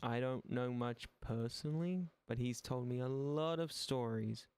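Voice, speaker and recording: A man's voice: medium pitch, measured pace, a little mellow, clean tone. A young Irish man chatting casually on his live stream, rambling, swearing freely and making dry, sarcastic asides. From Ireland. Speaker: livestream gaming host.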